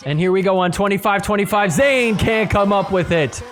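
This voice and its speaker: A man hosting a podcast, giving excitable play-by-play commentary over match footage and shouting at the big points. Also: sits high, moderate pace. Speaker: podcast host.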